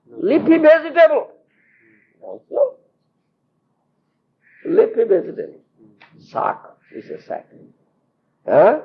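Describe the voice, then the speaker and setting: A man's voice: high voice, vocal fry, husky. A man with an Indian English accent giving a storytelling scripture lecture as a spiritual teacher, often checking whether listeners understand. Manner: checks understanding often, laughs while telling. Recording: muffled lo-fi tape.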